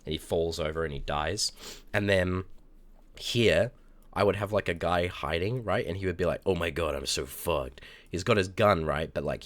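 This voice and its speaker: A young man streaming live, chatting casually with viewers, telling rambling stories and bursting out in loud, cursing reactions. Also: low-pitched. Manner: animated, with loud cursing outbursts and rambling anecdotes. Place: indoors at a streaming setup.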